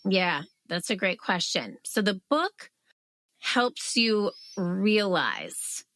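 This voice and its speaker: A woman in her thirties, a guest on an interview podcast, telling her story in a lively way and acting out her own past outbursts. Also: mid-range voice, extremely slow, no room sound. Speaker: guest, author.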